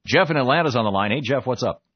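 A man's voice: mid-range voice, lively intonation, fast, slightly rough, dry recording. Emphatic male talk radio host. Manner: emphatic, opinionated, stumbles and repeats words. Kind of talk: political call-in talk radio. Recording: slightly muffled radio broadcast.

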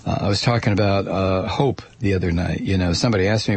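A man's voice: low voice, fast, gravelly, few pauses, slightly rough, no echo. A middle-aged man hosting a talk radio show, reading out a news story and mocking it with sardonic asides and laughter, close to a studio mic.

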